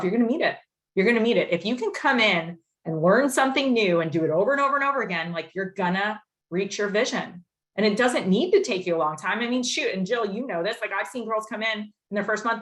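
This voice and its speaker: A young woman leading her sales team over a video call. She talks in an animated, rambling way and says "like" often. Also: mid-range voice. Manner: animated and rambling, heavy use of "like". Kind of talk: casual coaching talk.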